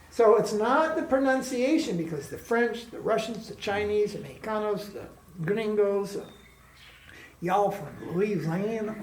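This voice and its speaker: A man's voice: sits high, gravelly, a little mellow, slight background noise. A man giving an informal spiritual class, joking, laughing often and imitating how people chant. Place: ashram class room. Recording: echoey room with faint background ambience.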